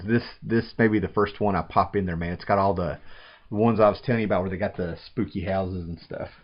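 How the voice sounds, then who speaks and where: A man in his thirties chatting casually while unboxing, rambling with enthusiasm and often saying "man". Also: fairly low pitch. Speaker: vlogger unboxing a package. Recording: dull lo-fi home recording.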